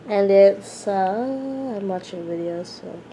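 Young female vlogger, mid-pitched, chatty and rambling, faint hiss behind. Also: gravelly, darkish tone, low-quality recording. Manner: chatty, rambling, many fillers. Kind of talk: casual vlog chat to camera. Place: home, indoors.

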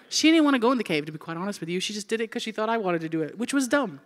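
A woman's voice: medium pitch, rapid-fire, few pauses, big-room sound. A woman in her forties preaching a sermon, telling a comic story and acting out scenes. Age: 40s. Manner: animated and comedic, acting out scenes. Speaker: pastor.

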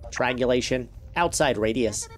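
A man's voice: mid-range voice, normal speed, slight background noise, voice pushed down, lightly acted. A man voicing a small helper robot in short, choppy phrases. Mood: clipped. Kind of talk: voicing game dialogue aloud.

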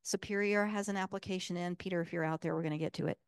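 A woman's voice: lowish voice, fairly even intonation, racing, smooth, dry recording, clean studio sound. A woman giving a casual public talk as guest speaker, enthusiastic and full of fillers.

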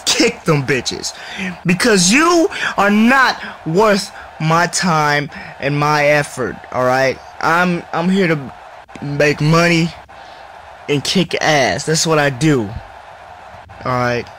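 A cocky heel wrestler snarls profane trash talk in a high-pitched voice, voiced by a man. His delivery is slow and deliberate, every threat drawn out. Faint noise sits under the voice. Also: expressive, a bit bright, low-quality recording. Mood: menacing. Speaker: wrestler cutting a promo. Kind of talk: wrestling promo acting.

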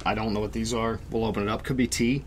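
A man's voice: fairly low pitch, steady tone, fast, noisy background. A man co-hosting a food review, talking casually and guessing aloud at what things are. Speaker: video co-host. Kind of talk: casual chat. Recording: faint room ambience.

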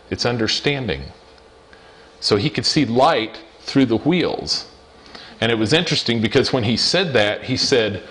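A man's voice: medium pitch, a bit bright. Earnest man telling a personal testimony. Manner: earnest storytelling, repeats phrases, slows for emphasis. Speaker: lay preacher.

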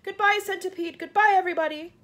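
A woman voicing a young boy who is brave but frightened, speaking in a high, urgent, tearful way. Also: steady tone, fast, a bit bright. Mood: gasping farewell.

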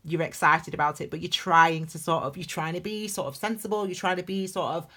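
Woman, tarot reader, lower voice, chatty with excited bursts. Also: fairly quick. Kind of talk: casual tarot reading.

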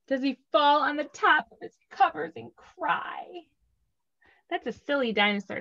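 A woman in her thirties reads a picture book and sings to small children, gentle and expressive. She speaks slowly in a fairly high voice. The recording sounds dull and lo-fi. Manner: slow, gentle and expressive, singing and reading aloud. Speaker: preschool teacher. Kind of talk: children's story time and songs.

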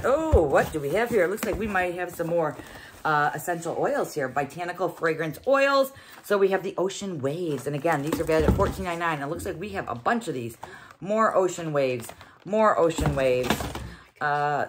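A middle-aged woman chats her way through an unboxing review, exclaiming and thinking aloud as she goes. Her voice sits a little low for a woman. A faint noise hangs under the recording. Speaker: host. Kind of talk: casual unboxing review vlog.

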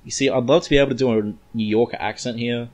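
A man's voice: medium pitch, steady tone, fast talker, soft background music. An Australian-accented man hosting a podcast, recapping a comic book in a rambling way with joking asides. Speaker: podcast host.

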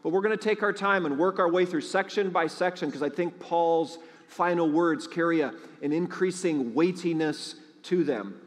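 A man's voice: a little high, normal speed. A man preaching to his congregation, chatty and storytelling, often asking the people questions. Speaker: pastor. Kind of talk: sermon with announcements. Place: large church sanctuary. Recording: long hall reverb.

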